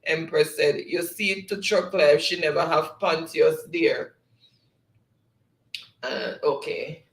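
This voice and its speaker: A slow-talking Jamaican man hosts a casual live-stream quiz, reading viewers' chat messages aloud and chuckling often. His voice is gravelly and sits a little high for a man. The sound is echoey, as if from a bare room. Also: a bit bright.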